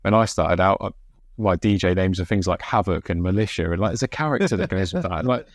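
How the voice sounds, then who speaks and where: English podcast host, lowish voice, loose and rambling. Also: male voice, a little fast, no echo. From England. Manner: rambling, swears casually. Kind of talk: casual chat.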